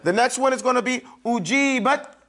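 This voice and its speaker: A man teaching Quran recitation in a classroom lesson, patiently repeating sounds slowly and checking in with his listeners often. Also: very high-pitched, a bit bright, some chatter behind.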